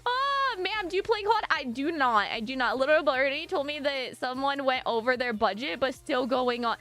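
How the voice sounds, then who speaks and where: A young adult woman live-streaming, chatting casually and gushing excitedly at her viewers, breaking into squeals. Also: sits high, moderate pace, few pauses, soft background music.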